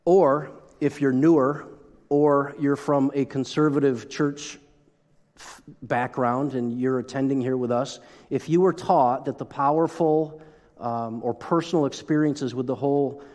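A middle-aged man preaching a sermon as pastor, animated, with joking asides and frequent restarts. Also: mid-range voice, unhurried. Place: church sanctuary. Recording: long hall reverb.

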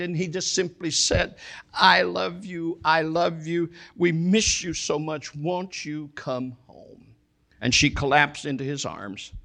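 A male preacher delivering a sermon at a slow, deliberate pace. His voice sits a little high for a man, and he leans on repetition and storytelling to drive each point home. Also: a bit bright. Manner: slow, emphatic preaching with repeated phrases and storytelling.

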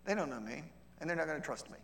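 A middle-aged man with a somewhat high, gravelly voice teaches a session as a missionary, talking to the room and often checking in with "okay?". He acts out little exchanges with lively shifts in tone. His words ring out with the long reverb of a large hall. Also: very fast. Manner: conversational, checks in with frequent "okay?".

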